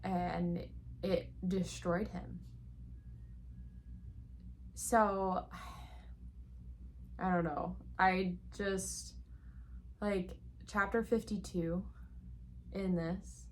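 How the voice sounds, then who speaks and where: A woman's voice: fairly low pitch, fairly even intonation, very slow, pauses often, darkish tone, a little hiss or hum. A woman reviewing a book she loves in a casual chat, gushing and rambling with plenty of "like" fillers.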